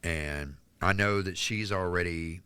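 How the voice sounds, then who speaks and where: A man from North Carolina telling a candid personal story as a podcast guest, halting with restarts and fillers. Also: low-pitched, sharp tone, smooth, no room sound. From North Carolina, United States.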